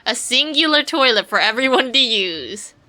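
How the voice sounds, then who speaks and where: A woman's voice: on the high side, sing-song, normal speed, sharp tone. A woman streamer giving casual gameplay commentary, rambling playfully to her viewers and swearing now and then.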